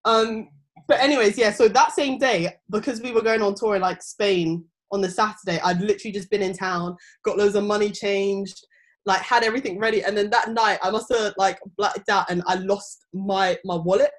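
A woman's voice: mid-range voice, fairly even intonation, moderate pace. A woman in her twenties telling a long story in casual chat, rambling with lots of "um" and "like". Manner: rambling storytelling with many fillers.

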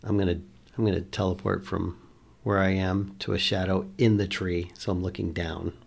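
A man's voice: low voice, little pitch movement, moderate pace, gravelly. A man playing a tabletop role-playing game, thinking aloud as he plans his character's moves. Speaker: player.

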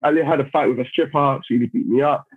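A man telling a story on a podcast in a casual, animated way. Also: medium pitch, fast, husky. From London, England. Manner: animated, acts out other people's lines while telling stories. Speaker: podcast guest. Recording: phone-like narrow sound.

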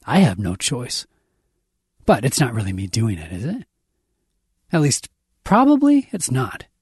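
A man reading a dark science fiction story aloud, intense and dramatic, raising his voice for the characters' shouts. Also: mid-range voice, breathy edge, no echo, clean studio sound. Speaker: audiobook narrator.

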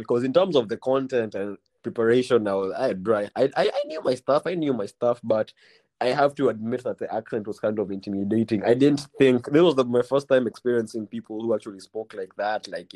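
A young man with a Kenyan accent, hosting a casual podcast chat and telling a story, full of "bro" and "man" and quick restarts. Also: medium pitch, animated, darkish tone. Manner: slangy, repeats "bro" and "man", many restarts. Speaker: podcast host.

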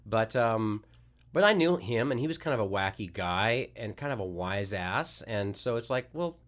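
In a casual podcast interview, a voice actor guest talks animatedly at a moderate pace, his voice on the low side but fairly bright. He rambles, keeps starting over, and laughs at his own stories.

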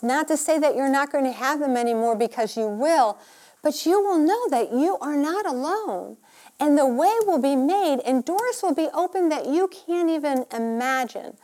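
A woman preaching a sermon in an earnest, gentle, pleading way. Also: a little high. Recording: faint music behind.

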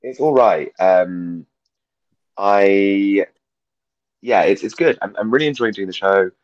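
A man's voice: lowish voice, slow pace, no room sound, dull audio. A young man who has lost his voice, talking as a guest comedian over a video call, rambling and self-deprecating with lots of fillers. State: hoarse, losing his voice. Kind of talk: casual chat.

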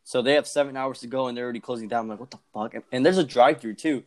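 Young male podcast co-host, rapid casual storyteller, profane, mimics others. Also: medium pitch, a little mellow. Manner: fast, profane, acts out quoted voices.

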